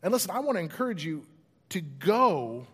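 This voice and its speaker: A pastor preaching a sermon, telling a story in an animated way and acting out its voices. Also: male voice, high-pitched, moderate pace, husky. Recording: long hall reverb.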